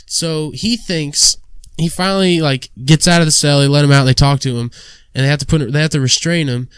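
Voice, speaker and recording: A man's voice: a little high, a little fast, smooth, no echo. A young man hosting a casual podcast, telling a crude rambling story and acting out the people in it. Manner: crude rambling storyteller, acts out quoted voices. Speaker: podcast host. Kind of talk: casual chat.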